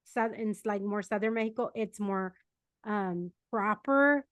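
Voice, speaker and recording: A woman's voice: mid-range voice, measured pace, a bit bright, no room sound, clean studio sound. A woman from San Diego hosting a casual podcast interview, asking curious questions and laughing along easily. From San Diego, United States. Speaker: podcast host.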